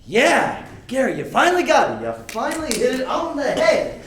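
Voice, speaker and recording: A man's voice: very high-pitched, moderate pace, a little hiss or hum, full character voice. An actor playing a frustrated, earnest male TV actor in a live stage play, talking in an exasperated way. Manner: exasperated, lively storytelling. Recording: echoey stage from far off.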